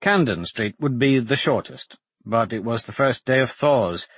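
A man narrating an audiobook in a measured, dramatic storytelling manner. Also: medium pitch, lively intonation, husky, dry recording.

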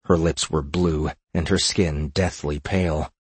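A man reading a fantasy audiobook with a deep, husky voice. His storytelling is measured and steady. The sound is dry and close to the mic. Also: dry recording. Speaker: narrator. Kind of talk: scripted fantasy audiobook narration.

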